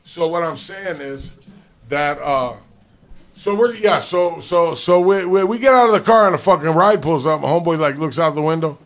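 A man's voice: on the high side, moderate pace. A man from Los Angeles telling a story in casual, profane street slang, rambling with restarts. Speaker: podcast co-host.

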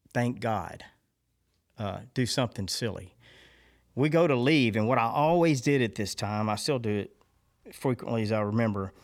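A man on a podcast recounts a personal story in a confessional, earnest tone. His voice sits in an ordinary middle pitch, and he rambles with restarts and fillers before turning reflective. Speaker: podcast co-host.

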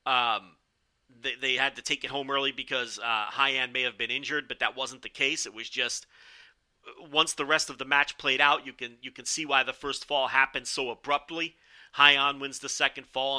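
A man's voice: on the high side, bright, forceful tone. A man reviewing a wrestling show in a casual, rambling podcast style, swearing now and then.

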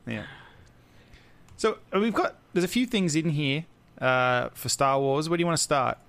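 A man's voice: a little high, normal speed, fairly bright tone. Guy co-hosting a podcast, casual rambly chat, lots of ums and restarts. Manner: chatty, rambling with restarts and fillers.

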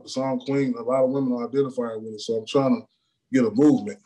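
A man's voice: mid-range voice, fast talker. Chill guy singer on a video call, easygoing, lots of "you know", laughs a lot. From Illinois. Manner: relaxed, filler-heavy, laughs often. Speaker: R&B singer guest. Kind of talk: casual interview chat. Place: room in a cousin's house.

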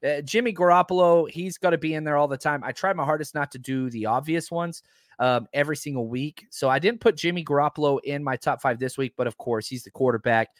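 A man hosting a sports talk show, talking casually and excitedly, stressing his points by repeating them. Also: a little high, fairly quick, dry recording, clean studio sound. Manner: excitable, emphatic, keeps repeating himself.

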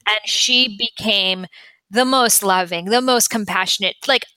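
A woman guest on a podcast, telling a story with animated acted-out voices. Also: medium pitch, unhurried, no echo, rough recording. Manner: animated, acts out quoted voices loudly.

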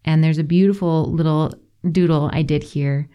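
A woman hosting a podcast, talking gently and slowly and guiding listeners to relax. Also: low voice, steady tone, smooth, lo-fi sound. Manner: soft, slow and soothing. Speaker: podcast host.

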